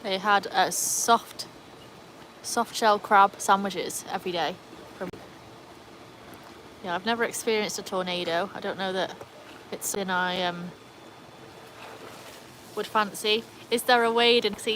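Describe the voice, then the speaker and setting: A woman with an English accent shaded by Welsh talks casually to her livestream viewers, answering their comments as she goes. She speaks at a middling pitch from an outdoor backyard. Faint traffic noise hums in the background. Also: steady tone, measured pace, long pauses, a bit bright, rough recording. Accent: English with a Welsh tinge. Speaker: livestream host.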